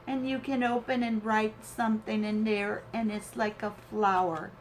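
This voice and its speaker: A woman's voice: medium pitch, flat delivery, slight background noise. A woman hosting a crafting channel, opening a swap gift and gushing over it with teary gratitude and awe. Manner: gushing, slow and tearful with awe.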